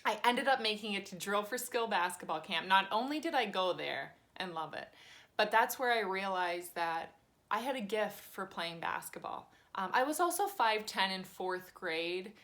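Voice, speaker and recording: A woman's voice: medium pitch, moderate pace. Chatty woman telling her story. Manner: chatty, animated, acts out voices in her stories. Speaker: teacher. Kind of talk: casual personal storytelling. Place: cozy home cottage.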